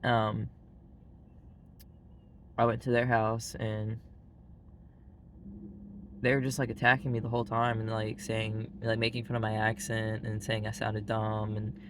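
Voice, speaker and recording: A man's voice: lowish voice, completely flat delivery, measured pace, long pauses, slight background noise. A man with a Southern US accent, talking bluntly and casually to the camera and leaning on "like" as a filler. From Arkansas, US. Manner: blunt and frank, heavy use of "like" fillers. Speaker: vlogger.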